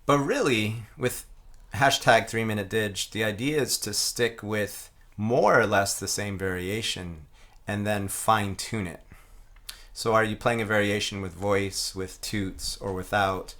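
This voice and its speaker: Male instructor, lowish voice, thoughtful and easygoing, talks through technique step by step. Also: measured pace. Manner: relaxed, reflective, chanting rhythm syllables aloud. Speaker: didgeridoo teacher. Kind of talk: explaining a playing technique.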